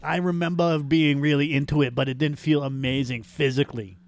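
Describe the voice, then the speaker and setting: A man's voice: a little high, steady tone, fairly quick. A man co-hosting a podcast, joking crudely and swearing a lot in casual chat. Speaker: podcast co-host.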